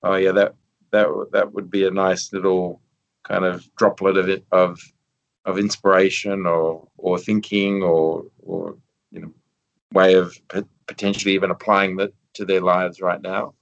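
A male interview host, asking a question haltingly as he searches for the words. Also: sits low, little pitch movement, vocal fry, highs cut off. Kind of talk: conversational interview.

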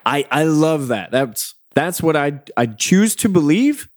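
A man's voice: a little high, big pitch swings, unhurried, no room sound. Man, podcast co-host, enthusiastic, playful theorizing, dry close sound. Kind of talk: casual podcast chat.

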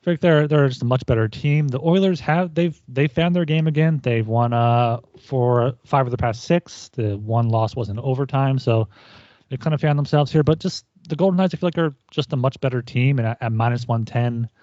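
A man's voice: medium pitch, normal speed, dark tone, no echo, highs cut off. A man giving casual hockey betting picks, often repeating words as he talks. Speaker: sports betting panelist. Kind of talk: casual sports betting chat.

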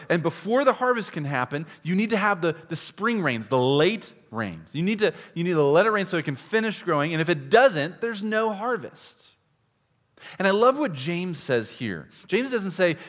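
Higher-voiced male pastor preaching in a reverberant hall. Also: very animated, normal speed. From Iowa, USA. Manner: swings between loud emphatic stretches and hushed, low asides; conversational, with restarts and direct questions to listeners. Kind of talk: sermon.

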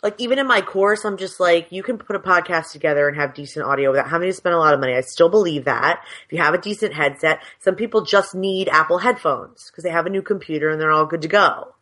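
Low-voiced chatty woman podcaster. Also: fast talker, few pauses, fairly bright tone. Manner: chatty, rambling, frank. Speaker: podcast co-host. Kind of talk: casual chat. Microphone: headset on a video call.

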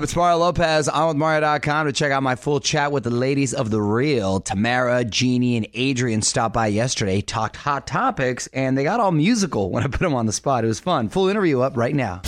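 A man in his forties hosting a radio show, bantering in an upbeat way with quick plugs and frequent laughs. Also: fairly high pitch, heavy background noise. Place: radio studio. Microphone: studio microphone.

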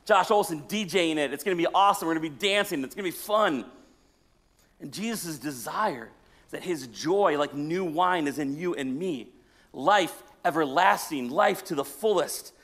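Man preaching, rather high voice. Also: expressive, moderate pace. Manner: storytelling preacher, jokes with the congregation; swings between loud and hushed delivery. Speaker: pastor. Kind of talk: sermon.

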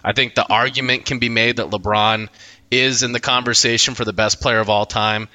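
A man on a sports panel, opinionated and animated as he tells stories and argues. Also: mid-range voice, a little fast. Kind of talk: sports debate talk.

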